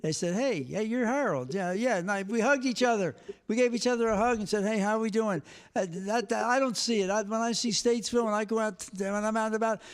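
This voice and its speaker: A man's voice: high-pitched, a little fast, hardly any pauses, smooth. An older man, a retired sports director and guest, telling stories in a blunt, emphatic, outspoken way. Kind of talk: casual storytelling.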